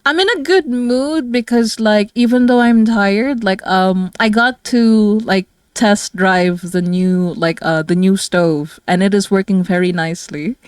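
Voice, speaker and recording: A tired, low-energy woman from the Philippines chatting casually with her viewers as a streamer, rambling with many fillers and soft laughs. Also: measured pace, hardly any pauses, clean tone, no room sound, studio quality. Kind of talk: casual livestream chat with viewers.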